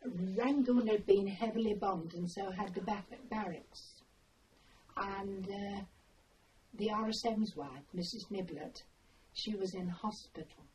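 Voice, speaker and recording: An older woman telling her memories in an oral history interview, with an unhurried, meandering way of telling a story. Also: medium pitch, a little mellow. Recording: distant mic, faint background noise.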